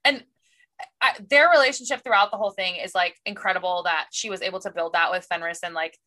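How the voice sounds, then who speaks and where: A young woman co-hosting a casual book podcast, chatty and quick, with lots of fillers. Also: lowish voice, steady tone, pushed and bright. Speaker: podcast co-host.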